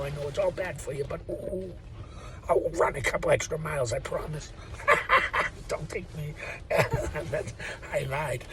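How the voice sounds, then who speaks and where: An older man, rambling through a profane, joking vlog monologue. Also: on the high side. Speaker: vlogger. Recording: distant mic with loud background noise.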